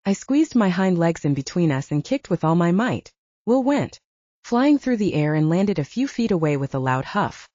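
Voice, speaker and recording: Lively low-voiced woman narrating an audiobook. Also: normal speed, no room sound, dull audio. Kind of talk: first-person audiobook narration.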